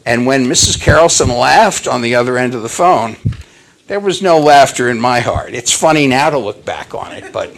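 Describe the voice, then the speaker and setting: An older male preacher tells a story from the pulpit in a dramatic, emotive way. His voice is raspy and gravelly, and he speaks slowly with big swings of pitch. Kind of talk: sermon storytelling.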